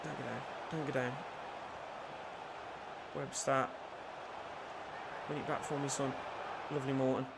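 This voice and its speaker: A young man commentating his own football video game, swinging from low mutters to loud shouts and cheeky jokes. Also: little pitch movement, measured pace, creaky, pauses often, very noisy. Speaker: gaming YouTuber.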